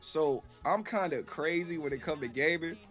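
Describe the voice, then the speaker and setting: A man and gaming streamer telling stories to viewers in a casual, animated, profane way. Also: on the high side, normal speed, soft background music. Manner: animated, profane, acts out quoted voices.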